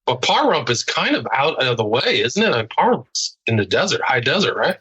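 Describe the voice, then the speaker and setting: A man's voice: mid-range voice, sing-song, brisk, sharp tone, husky, no echo, lo-fi sound. A man interviewing a guest, asking short curious questions and reacting to a story. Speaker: interviewer and attorney.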